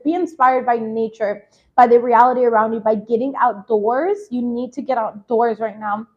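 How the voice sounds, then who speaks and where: A woman's voice: fairly high pitch, highs cut off. A woman chatting casually as she gives a tarot reading, peppered with "like" and "you know". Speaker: tarot reader.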